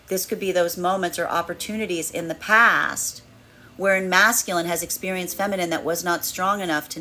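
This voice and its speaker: A woman's voice: on the low side, bright, forceful tone. A woman giving a flowing, spiritual tarot card reading, repeating phrases as she talks through the cards. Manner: flowing, spiritual, repeats phrases while acting out inner voices. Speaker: tarot reader.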